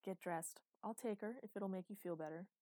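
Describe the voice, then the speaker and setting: A woman reading an audiobook, voicing a gentle, easygoing young father who teases softly. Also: medium pitch, fairly quick, no echo, studio quality, close to an everyday voice.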